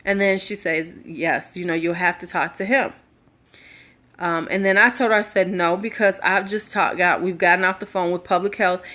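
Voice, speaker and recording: A woman's voice: on the low side, fairly bright tone. A middle-aged woman candidly telling a personal story live, acting out quoted dialogue with emphasis. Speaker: livestream storyteller.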